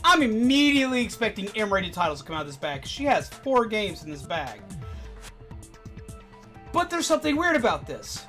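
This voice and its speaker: A streamer and former game store manager telling stories in casual chat, animated, with loud indignant outbursts. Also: mid-range voice, moderate pace, soft background music.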